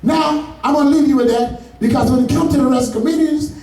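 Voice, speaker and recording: A man's voice: very high-pitched, fast talker, mellow, soft background music. A man doing a stand-up comedy set, telling loose, profane stories with asides to the audience. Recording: echoey room, far from mic.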